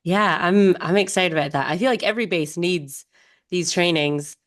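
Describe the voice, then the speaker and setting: A woman hosting a casual podcast interview, her voice low for a woman. She encourages her guest and asks loose, friendly questions. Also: normal speed. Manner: encouraging, soft backchannels. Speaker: podcast host.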